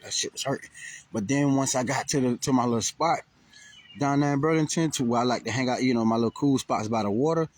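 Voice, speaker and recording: A man's voice: mid-range voice, breathy edge. A man casually telling a rambling, profane story to camera with lots of restarts and fillers. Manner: rambling, profane, animated retelling with many restarts. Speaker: vlogger. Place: near Burlington, Vermont.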